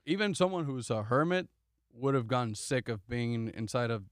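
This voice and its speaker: A man in easygoing conversation with his co-hosts, talking in loose, halting bursts full of fillers and restarts. His voice sits at an ordinary middle pitch. The sound is dry and close, with almost no room around it. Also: expressive, no echo. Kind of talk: casual chat.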